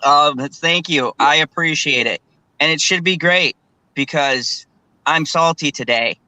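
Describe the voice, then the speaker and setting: A man co-hosting a stream, ranting in an animated way with frequent stammers. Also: on the high side, measured pace, no echo, poor audio. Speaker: regular co-host. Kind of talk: casual ranting chat.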